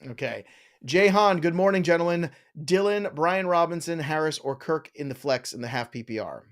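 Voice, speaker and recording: A middle-aged man hosting a live Q&A stream, reading out viewer questions with a quick, joking delivery. His voice sits a little high for a man. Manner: reads viewer questions aloud, jokey and quick. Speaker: fantasy football show host. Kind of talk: live Q&A chat.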